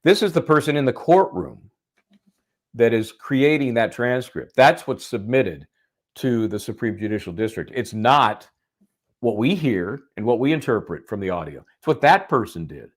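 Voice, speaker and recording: A man's voice: mid-range voice, expressive, moderate pace. Joking man reading a ruling aloud. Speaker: co-host of a legal commentary show. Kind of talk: live legal analysis chat.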